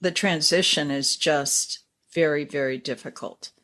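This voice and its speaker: A woman's voice: low voice, a little slow, bright, forceful tone. A woman hosting an interview, thanking her guest and speaking from experience with clients. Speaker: podcast host.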